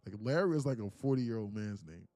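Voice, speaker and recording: A man hosting a live day-trading stream, telling stories in a casual, animated way and muttering about the charts. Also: lowish voice, a little fast, dry recording. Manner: animated storytelling, acts out quotes, laughs often. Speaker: livestream day trader. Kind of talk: casual livestream chat.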